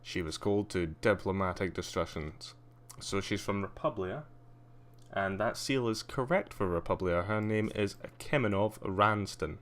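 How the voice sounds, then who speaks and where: A man's voice: lowish voice, moderate pace. A man with a Scottish accent that carries a slight posh edge, chatting casually and drily while streaming a game. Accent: Scottish with a slight posh English tinge. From Scotland. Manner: chatty, dry, self-mocking. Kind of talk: casual livestream commentary.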